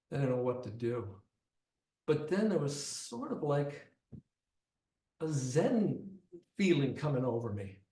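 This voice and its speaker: A man's voice: medium pitch, darkish tone. Male storyteller, dramatic delivery, voices other characters; roomy echo. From Detroit. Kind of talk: live personal storytelling.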